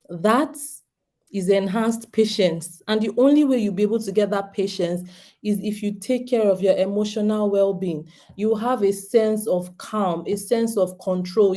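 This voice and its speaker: A somewhat dark, mid-range female voice belongs to a Nigerian woman in her thirties. She is earnest and straightforward as she speaks to homeschooling parents, regularly turning to them with questions.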